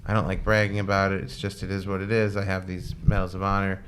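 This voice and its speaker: A man's voice: low-pitched, little pitch movement, fast talker, a bit bright, a little hiss or hum. A man voicing a talking dog who brags about his past while claiming to be modest. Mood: smug. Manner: laid-back, falsely modest. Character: boastful retired male talking dog.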